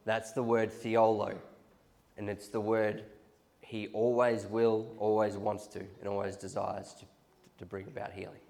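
A man preaches to his church in a somewhat low voice. He tells his stories with animated restarts and repeated phrases, the way a sermon runs live. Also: a little slow, gravelly. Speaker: pastor.

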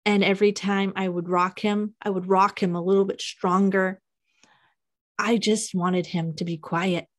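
A young woman hosting a podcast, telling a painful personal story in a halting, emotional confession. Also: medium pitch, little pitch movement. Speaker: podcast host.

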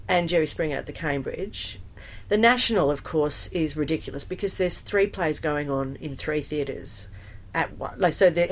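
A woman, a musical theatre performer chatting in an interview, animated and full of fillers and restarts. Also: deep voice. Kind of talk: casual interview storytelling.

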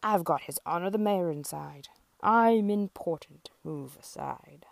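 A woman voicing a proud, bossy male limousine in a storybook, with loud pompous demands. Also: lowish voice, measured pace, vocal fry, no room sound. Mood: haughty. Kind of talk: storybook read-aloud.

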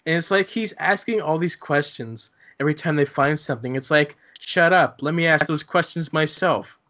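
A man's voice: on the high side, a little fast, fairly bright tone. A young man co-hosting a casual podcast, laughing often and stumbling over restarts. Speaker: podcast co-host. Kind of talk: casual chat.

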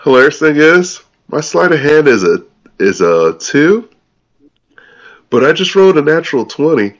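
A man's voice: a little high, very animated, normal speed. A man playing a tabletop game, making dry, wry remarks. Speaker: player.

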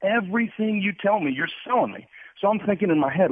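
A man's voice: sits high, animated, fast, no echo. A man from the Ohio Valley, a guest on a radio talk show, speaking energetically, repeating words and acting out little dialogues. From Ohio Valley, USA. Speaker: guest sales expert. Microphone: telephone. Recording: tinny dry phone line.

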